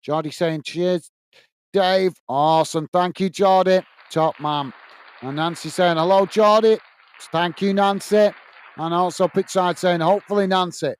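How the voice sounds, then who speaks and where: With a high voice, fairly even intonation and a measured pace, a man from the United Kingdom hosts a live football watch-along. He sounds clean and upbeat, calling the action and reading out what viewers send in.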